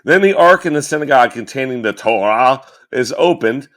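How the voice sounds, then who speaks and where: Irreverent excitable man on a podcast. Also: medium pitch, fairly quick. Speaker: podcast co-host. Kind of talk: casual comedic chat.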